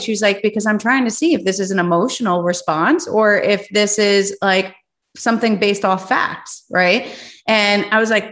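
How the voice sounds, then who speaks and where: An animated woman hosts a business talk show in a casual tone. She often acts out her own past reactions as she tells a story, and her pitch sits in the middle of the usual range. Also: fairly quick. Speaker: podcast host. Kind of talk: casual conversation.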